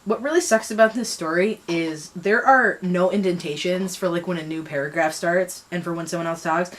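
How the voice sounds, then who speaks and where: Young woman rambling and roasting herself, lots of likes and ums, lowish voice. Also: steady tone, normal speed. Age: young adult. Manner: self-mocking, filler-heavy, rambling. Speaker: vlogger. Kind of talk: casual commentary on reading.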